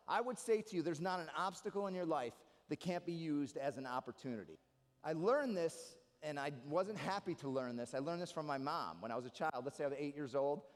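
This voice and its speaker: A young man works a live audience with stand-up comedy, his voice riding high and bright. He tells stories with quick asides and jokey turns. A long reverb from the hall trails behind every line. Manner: animated, jokey storytelling with asides. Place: live stage in a large hall.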